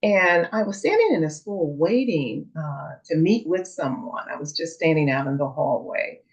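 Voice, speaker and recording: Low-voiced woman telling a parenting story. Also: normal speed. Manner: earnest, calm retelling with quoted dialogue. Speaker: parenting channel host. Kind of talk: storytelling monologue. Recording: dull lo-fi sound.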